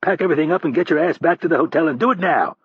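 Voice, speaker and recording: Man doing angry CIA operative, barking orders, profane, raised pitch, raspy, dry dull audio. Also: very fast, dry recording. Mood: furious. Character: gruff angry male CIA operative, middle-aged.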